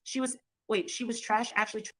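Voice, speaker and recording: A woman's voice: a little high, steady tone, fast. A woman chatting bluntly and gossiping about online drama, swearing freely. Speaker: streamer. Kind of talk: casual drama chat.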